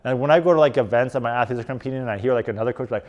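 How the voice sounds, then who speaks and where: A man coaching a live audience in a casual, animated presentation. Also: mid-range voice, rapid-fire. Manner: casual and animated, lots of "like" and "right?". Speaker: strength and performance coach. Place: conference room.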